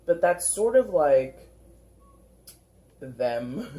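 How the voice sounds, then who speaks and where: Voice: mid-range voice, expressive, unhurried, dark tone. Chatty, rambling tarot reader. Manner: chatty, rambling, heavy use of filler 'like'. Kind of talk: casual tarot reading monologue.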